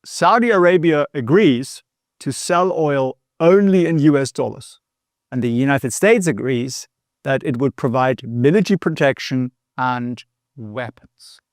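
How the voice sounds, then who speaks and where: A man's voice: medium pitch, expressive, a little slow, dry recording, clean studio sound. A man hosting an explanatory history lesson in a chatty way, with joking asides and frequent tag questions. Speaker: host.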